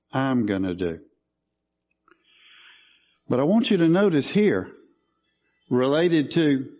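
A man's voice: mid-range voice, mellow, highs cut off. A man preaching a sermon, teaching through scripture and asking questions of his listeners. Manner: teaching, asks questions of the congregation.

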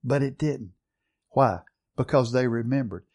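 A man preaching a sermon, reading scripture aloud and putting questions to his listeners, slowing down low for emphasis and then picking up speed. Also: a little mellow. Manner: asks the congregation questions and reads scripture aloud.

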